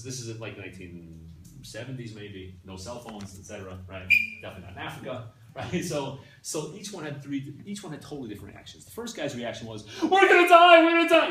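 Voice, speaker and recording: A man teaching a class in a conversational, animated way, often checking in with his listeners. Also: mid-range voice. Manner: animated, keeps checking in with "right?" and "yeah?". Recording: echoey room from a distance, faint ambience.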